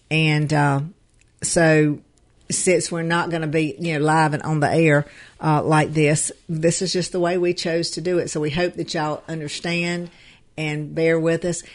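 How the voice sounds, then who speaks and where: Earnest woman co-host. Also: low voice. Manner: earnest, with many fillers and restarts. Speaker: show co-host. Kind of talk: casual live show talk.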